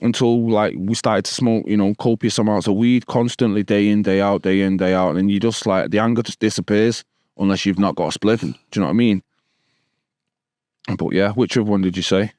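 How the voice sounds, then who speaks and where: A man's voice: on the low side, steady tone, fairly quick, a little mellow, no room sound, clean studio sound. A man from Stockport with a Manchester accent, a podcast guest in his thirties telling stories in casual street slang. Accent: Manchester English. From Stockport, England. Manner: casual street slang, repeated "bro" and "do you know what I mean". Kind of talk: storytelling in a podcast interview.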